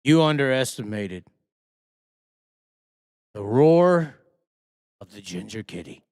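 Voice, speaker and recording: A man hosts a live show in a heated, foul-mouthed rant, firing rhetorical questions at his listeners. His pitch swings widely from line to line. The sound is dry and close, with no room to speak of. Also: big pitch swings, slow, darkish tone, no room sound. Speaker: host. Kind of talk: profane live-stream rant.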